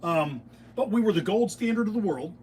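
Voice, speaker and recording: A man's voice: sits high, lively intonation, a little fast, darkish tone. A middle-aged American man, a beekeeping channel host, giving an opinionated, digressive casual monologue in his workshop, often restarting his sentences. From United States. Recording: distant mic with faint room noise.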